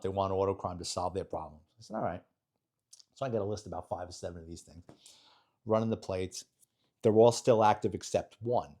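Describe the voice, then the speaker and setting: A man's voice: mid-range voice, a little mellow. A middle-aged man, a retired detective telling a story in an interview and acting out the other voices.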